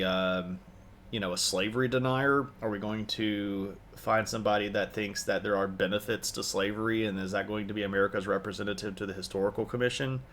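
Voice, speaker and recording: A man's voice: lowish voice, a bit bright, slight background noise. A man chatting casually on a history livestream, rambling with many fillers and restarts. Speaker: history streamer.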